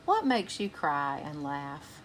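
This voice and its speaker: A woman reads a children's picture book aloud in a slow, unhurried way, with a fairly low voice. She is gentle and stops to put soft questions to young listeners. A faint hiss of noise sits under the recording. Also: big pitch swings. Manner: gentle, asks listeners questions between passages. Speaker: children's storytime reader.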